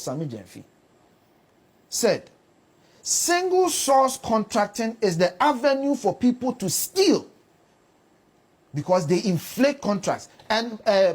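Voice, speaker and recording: A woman's voice: fairly high pitch, darkish tone, slightly rough. A woman with a Ghanaian English accent, arguing hard on a political panel, lecturing and repeating words for emphasis. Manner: combative, lecturing, emphatic repetition. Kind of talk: heated political debate.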